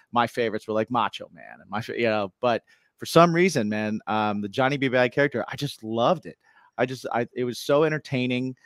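A man's voice: medium pitch, dry recording. Chatty man co-host, dry voice. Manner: laughs easily, chatty and enthusiastic. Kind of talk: casual chat.

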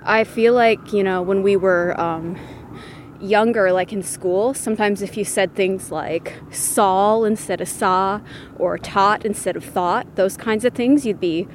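A woman's voice: mid-range voice, measured pace, a little hiss or hum. A young woman from Bay d'Espoir, Newfoundland, giving hesitant, thoughtful answers in a street interview. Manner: hesitant, thoughtful, lots of fillers.

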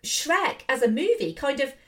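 A woman's voice: high-pitched, sing-song, moderate pace. A woman commenting on films in a casual, enthusiastic and opinionated way. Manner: enthusiastic, opinionated, fillers and restarts. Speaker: film commentator. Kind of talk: casual video essay.

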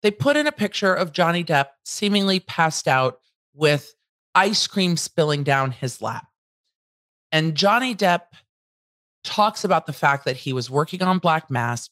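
A woman hosting a casual, candid trial recap, blunt enough to swear and acting out quotes with lively emphasis. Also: deep voice, measured pace, no echo. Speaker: legal commentary host.

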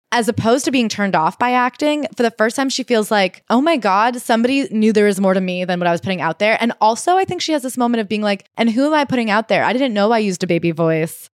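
A woman's voice: mid-range voice, no room sound, studio quality. A young adult woman, a podcast co-host, casually retelling a memoir and acting out the quoted voices. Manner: animated storyteller, acts out quoted voices.

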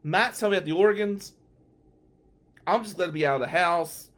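A man telling a first-person anecdote, swinging from hushed asides to loud outbursts. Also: high voice, brisk, slight background noise. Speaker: storyteller.

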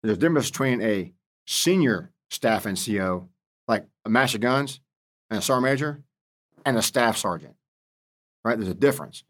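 A man's voice: lowish voice, moderate pace, pauses often. A man in his fifties, a senior Marine leader interviewed as a guest, telling stories bluntly with salty words. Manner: animated storyteller, blunt and salty. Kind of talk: storytelling interview.

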